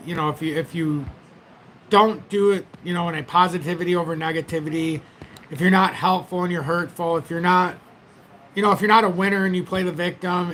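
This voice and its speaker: A man's voice: high-pitched, a bit bright, a little hiss or hum. A man hosting a casual crypto livestream, rambling and chatty as he talks straight to his viewers through a tablet's built-in mic. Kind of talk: casual livestream market commentary.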